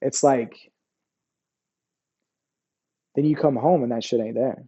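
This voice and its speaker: Man, 40s, veteran interview guest; low-key dark tone, loose profane storytelling. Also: slow, breathy edge. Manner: profane, rambling, keeps asking "you know what I mean".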